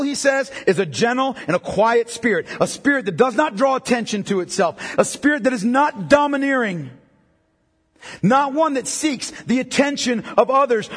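A man's voice: very high-pitched, slightly rough. A middle-aged male pastor preaching a sermon to a congregation, mixing scripture with joking asides. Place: church hall. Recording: long hall reverb.

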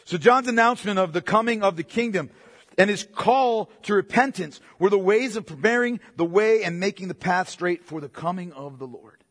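A man's voice: high voice, moderate pace, a bit bright, long reverb tail. A man preaching a sermon in a conversational, emphatic way, repeating phrases and throwing in "man" as an aside.

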